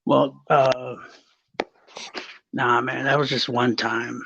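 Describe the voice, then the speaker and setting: A man's voice: medium pitch, little pitch movement, slow, vocal fry, a bit bright, husky. A man from Texas in casual podcast chat, telling stories with lots of swearing and restarts. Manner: rambling, swearing, storytelling. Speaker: guest. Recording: slightly muffled recording.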